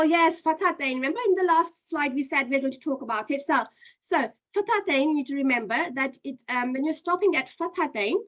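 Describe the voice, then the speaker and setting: A woman teaching an online Qur'an reading lesson, patiently explaining step by step and running a quiz. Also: sits high.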